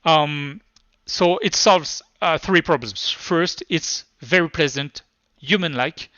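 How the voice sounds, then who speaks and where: A man's voice: on the high side, slow, bright, forceful tone, dry recording, highs cut off. A man with a thick French accent, his first language French, giving a live technical presentation in a hesitant, stop-start way. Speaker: tech conference speaker.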